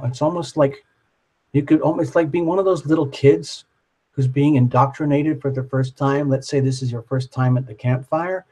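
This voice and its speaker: A man's voice: a little high, a little mellow, poor audio. A man hosting a live tarot reading, talking in a rambling, dreamy way full of "like" and "you know".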